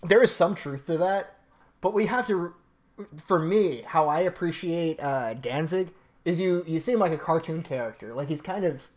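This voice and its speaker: Chill guy streaming, rambles and laughs a lot, swears easy, voice a bit on the high side. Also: moderate pace. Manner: rambling, laid-back, laughs often, swears casually. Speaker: live streamer reading out donations. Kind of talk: casual chat with viewers.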